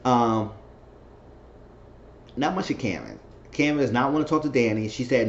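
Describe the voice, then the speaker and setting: A TV recap vlogger casually reviews an episode at normal speed, rambling and animated, mimicking characters in falsetto. The recording sounds dull and lo-fi, in an echoey room with faint noise.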